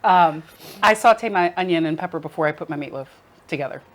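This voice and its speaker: A woman's voice: low voice, brisk. A woman from the United States chatting casually over a home-cooked breakfast, laughing often and sometimes talking with her mouth full. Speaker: vlog co-host cooking for a friend. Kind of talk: casual chat over a meal. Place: home kitchen.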